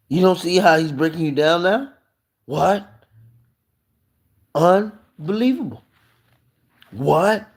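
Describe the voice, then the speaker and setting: A man preaching in an impassioned monologue on a live stream, emphatic and firing off rhetorical questions. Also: fairly high pitch.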